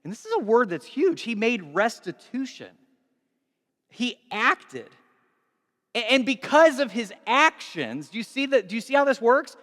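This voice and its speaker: A man preaching a sermon in a conversational, animated way, recorded in a large church hall with long reverb. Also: extremely high pitch, measured pace. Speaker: pastor.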